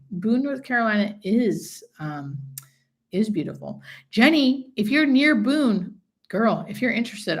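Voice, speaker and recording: A woman's voice: mid-range voice, a bit bright. A woman, a hospice nurse, hosting a casual live stream, chatting and reading out viewer comments.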